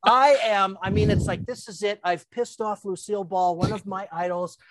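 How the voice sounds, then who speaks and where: A woman's voice: mid-range voice, normal speed, no room sound. Older woman guest, chatty storyteller, stumbles over words, dry close sound. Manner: lively, stammering restarts, acts out quotes. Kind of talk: casual anecdote.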